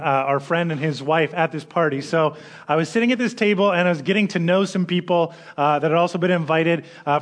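A man who is a minister, giving a conversational sermon that opens with a personal story. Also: fairly high pitch. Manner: conversational storytelling with quoted voices.

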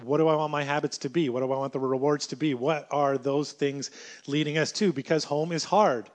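A man preaching a sermon in an animated way, acting out everyday scenes as he talks. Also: on the high side, brisk.

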